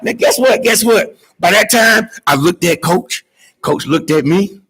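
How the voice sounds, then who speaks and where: A man from Georgia, giving a graduation speech and telling an animated story, calling out to the audience to join in. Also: high-pitched, unhurried, a loud crowd. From Georgia, USA. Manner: call-and-response with the audience, dramatic swings from hushed to shouting. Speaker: graduation guest speaker.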